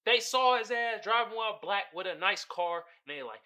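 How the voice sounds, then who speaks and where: A man hosting a podcast, giving casual solo commentary in an animated, profane way, often laughing and putting on voices. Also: sits high, normal speed. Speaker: podcast host.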